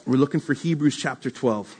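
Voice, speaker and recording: A man preaching a sermon, telling a story with lively acted-out quotes and then reading scripture to the congregation. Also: medium pitch, a little fast, slightly rough. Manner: animated storyteller, acts out quotes. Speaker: pastor.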